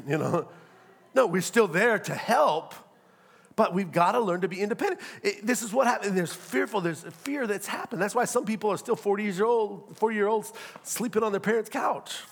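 A man preaches to his congregation. He mixes teaching with joking, acted-out asides. His delivery swings between brisk and drawn out. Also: high-pitched, creaky, a bit bright. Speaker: pastor. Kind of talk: sermon.

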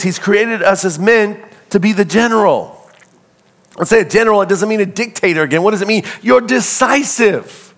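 A middle-aged man preaching a sermon, calling out to the congregation and acting out little scenes in a loose, conversational way. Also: high-pitched. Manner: call-and-response preaching, animated and conversational. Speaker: pastor.

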